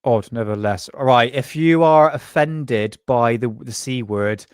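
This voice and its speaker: On his live UFO show, an English man speaks at a measured pace with a medium-pitched, clean tone, recorded in a clean studio with no room sound. The casual live-stream has him rambling, laughing, talking to chat and reacting to clips.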